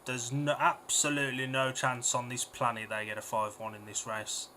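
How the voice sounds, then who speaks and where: A young man with a bright, forceful voice talks through a speedway race with blunt, emphatic opinions. He banters quickly with his co-host. A faint hum sits behind him. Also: medium pitch, little pitch movement. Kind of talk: speedway watch-along chat.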